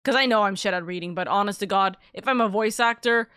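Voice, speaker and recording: A young woman chats on her live stream in a loose, rambling way. She uses lots of "like"s and swears casually. Her voice is mid-pitched and the sound is dry and close. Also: quick pace, fairly bright tone, smooth, dry recording. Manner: rambling, swears freely, many "like"s. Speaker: streamer host.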